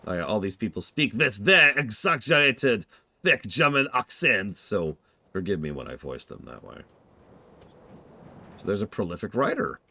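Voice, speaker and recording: A man's voice: lowish voice, very animated, normal speed, bright, forceful tone, dry recording. A man streaming a game, chatting casually and offhand to viewers. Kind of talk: casual gameplay commentary.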